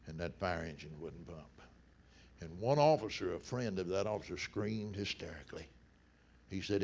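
A middle-aged man preaching a sermon, telling stories in a folksy way that swings between loud bursts and hushed low passages. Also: sing-song, normal speed, pauses often, slight background noise. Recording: dull lo-fi sound.

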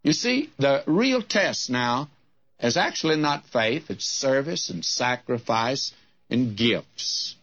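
An older man preaching a sermon in a slow, deliberate way, lifting his voice when he reads scripture. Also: medium pitch, animated, a bit bright. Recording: dull lo-fi old sermon recording.

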